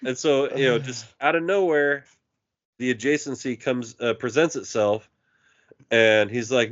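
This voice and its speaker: At a medium pitch and normal speed, a man speaks on a lo-fi recording. As a podcast co-host, he tells a story in relaxed chat and animatedly puts on voices for the people he quotes.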